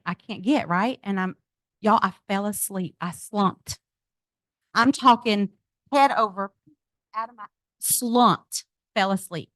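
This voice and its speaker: A middle-aged woman tells a personal story to a gathered crowd, talking straight to them as "y'all." Her delivery is expressive, with a voice of ordinary pitch for a woman. The sound is dry and close, with little room echo. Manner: animated storytelling, addresses audience as y'all. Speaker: speaker at a business event. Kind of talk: personal testimony told to a group. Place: event venue.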